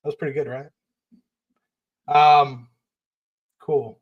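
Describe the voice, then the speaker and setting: A man's voice: on the high side, steady tone, moderate pace, long pauses, lo-fi sound. A man hosting a casual investing livestream, rambling with many fillers and restarts, fired up and standing while he talks. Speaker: livestream host.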